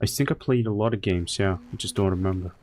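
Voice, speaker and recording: Man, streamer, casual chat, swears a lot, rambling, lowish pitch. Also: quick pace, a little mellow. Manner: crude, profane, rambling anecdotes.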